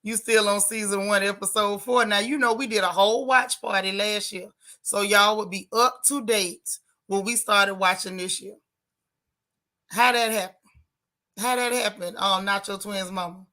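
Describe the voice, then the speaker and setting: A bright, forceful woman talks straight into her webcam on a casual livestream. She is blunt and sassy, and she reads viewer comments aloud as she goes. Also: mid-range voice, fairly even intonation, moderate pace. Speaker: livestream host. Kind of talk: casual live chat reacting to a TV show.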